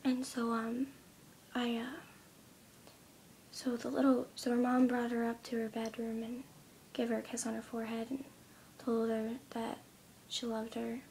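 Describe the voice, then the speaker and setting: A young woman in her teens retelling a story in a casual vlog, speaking softly and often near a whisper, with many ums. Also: a little high, little pitch movement, unhurried, vocal fry, slight background noise. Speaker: vlogger.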